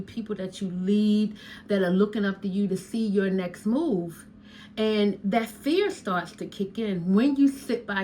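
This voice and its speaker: A woman hypnotherapist, giving an animated motivational talk and dropping into a slow, soft voice for hypnosis lines. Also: medium pitch, a little hiss or hum. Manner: animated, preachy, talks straight to the listener as "honey" and "y'all". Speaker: hypnotherapist and podcast host.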